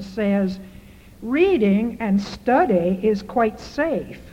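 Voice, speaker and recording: A woman's voice: a little high, a little mellow. A woman preaching a sermon, driving her points home with repeated rhetorical questions. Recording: muffled hall recording with reverb.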